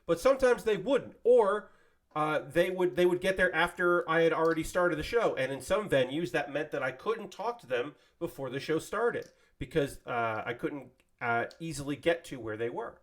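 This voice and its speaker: Male streamer, casual swearing chatter, voice sits a bit high, thanks chat as he builds. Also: expressive, normal speed. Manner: rambling and conversational, swears casually; thanks viewers and subscribers by name. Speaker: streamer building LEGO sets live.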